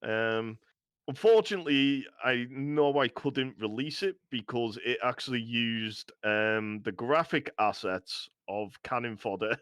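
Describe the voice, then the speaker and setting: A man's voice: medium pitch, a little slow, fairly bright tone, clear, resonant tone, no echo, studio quality. A man with a slight Scouse accent chatting casually on a live stream, rambling and laughing often as a guest. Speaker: guest game maker.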